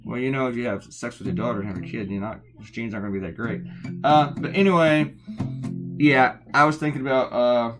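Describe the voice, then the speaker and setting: Over background music, a middle-aged man from the United States talks in a brisk, mid-range voice. He chats casually while drawing a cartoon, rambling and tossing in sarcastic asides.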